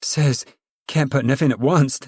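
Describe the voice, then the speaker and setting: A man's voice: medium pitch, normal speed, darkish tone, breathy edge, no echo, studio quality, pitched above the performer's own voice, close to an everyday voice. A man voicing a pushy committee woman who butts in eagerly. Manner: eager, interrupting.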